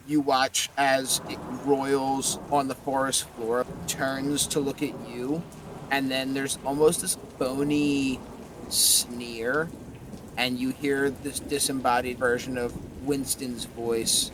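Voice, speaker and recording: A man runs a tabletop role-playing game, describing each scene slowly and vividly. His delivery is unhurried and deliberate, with a faint hiss of noise behind him. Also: medium pitch, flat delivery. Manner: slow, vivid, descriptive narration. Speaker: game master.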